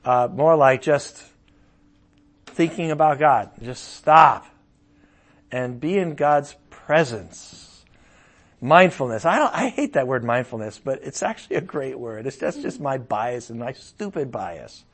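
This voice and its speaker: A middle-aged man preaching as a pastor in a conversational way, breaking into loud emphatic bursts. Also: mid-range voice, animated, a little slow. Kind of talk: sermon.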